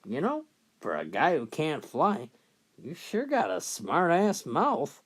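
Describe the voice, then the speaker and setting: A man's voice: fairly high pitch, wildly swooping pitch, slow pace, husky, exaggerated voice. A man voicing a rude, foul-mouthed male parrot that squawks insults in a joke.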